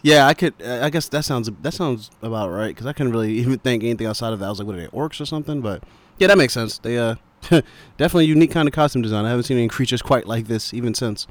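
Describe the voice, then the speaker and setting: Fast-talking laid-back young man. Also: mid-range voice, no room sound. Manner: laid-back, laughs often, swears. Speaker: podcast co-host. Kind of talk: casual chat.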